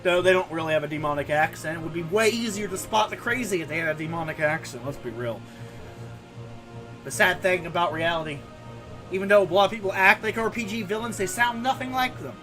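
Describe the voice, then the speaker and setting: A man's voice: high voice, brisk, a bit bright, faint music behind. A man streaming a game and chatting casually in a sarcastic, rambling way. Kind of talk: casual gaming commentary.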